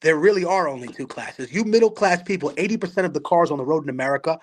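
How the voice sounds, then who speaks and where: A man's voice: fairly high pitch, expressive, fast talker. Passionate, blunt man from Peru. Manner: passionate, storytelling, blunt and profane. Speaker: guest, rapper and activist. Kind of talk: casual podcast conversation.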